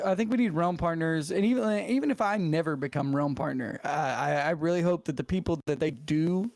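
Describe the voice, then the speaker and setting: A man's voice: fairly high pitch, darkish tone, dry recording. A male game streamer, a guest on a podcast, talking in an earnest, loose stream of thought in casual chat.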